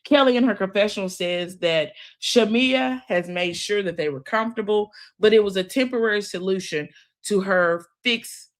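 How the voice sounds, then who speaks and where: A woman's voice: medium pitch, moderate pace. A woman hosting a casual recap of a reality TV episode, chatty and opinionated, often calling her listeners "child" and "girl.".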